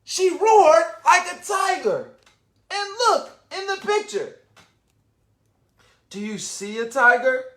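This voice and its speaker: A man reading a picture book aloud to young children in an animated way, stopping often to ask them questions and wonder about the pictures. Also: very high voice. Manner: animated, asks the listener questions and pauses to wonder.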